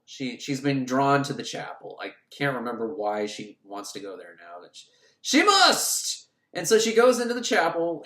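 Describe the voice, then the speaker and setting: Guy doing a snarky movie recap, voice jumps all over, echoey room. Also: mid-range voice. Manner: sarcastic, rambling, animated. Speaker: host recapping a film. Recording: roomy echo.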